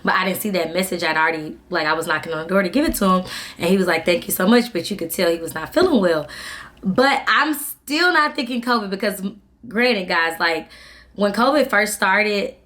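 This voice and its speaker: A woman's voice: medium pitch, a little fast. A young woman, casually telling a story to her vlog audience and acting out what people said. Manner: chatty, animated, acts out quoted dialogue. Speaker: vlogger.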